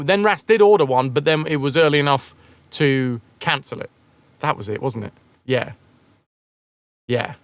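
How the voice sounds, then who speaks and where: Lively, jokey streamer man. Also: on the high side, dry recording. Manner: jokey, rambling, reads and answers chat. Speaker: game streamer. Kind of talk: casual live-stream chat with viewers.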